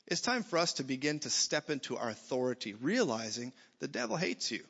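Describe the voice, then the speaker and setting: A man preaching a sermon in a church, blunt and jokey, swinging from loud to soft. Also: mid-range voice, sing-song, a little fast. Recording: dull sound in a reverberant hall.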